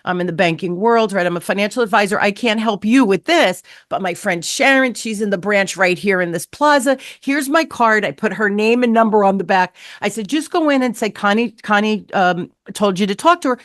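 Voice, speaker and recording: A middle-aged woman hosting a sales podcast, telling stories in a lively way and acting out the voices of the people she quotes. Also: mid-range voice, brisk, few pauses, no echo, clean studio sound. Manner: animated, acts out quoted voices. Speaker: podcast host. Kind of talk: storytelling interview chat.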